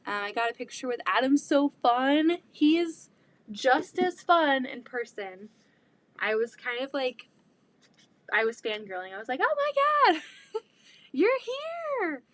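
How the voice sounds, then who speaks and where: A woman in her thirties chatting casually while sewing, rambling about her kids and often quoting people in an excited voice. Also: a little high, unhurried, no room sound. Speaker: quilting vlogger and mother. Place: home sewing room.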